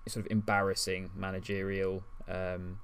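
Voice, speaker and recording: A man with a slightly low voice chats his way through a podcast segment. He hesitates often, filling gaps with ums and restarting his sentences, and keeps a loose, unscripted flow. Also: monotone, moderate pace, fairly bright tone, a little hiss or hum. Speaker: podcast co-host. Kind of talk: casual chat.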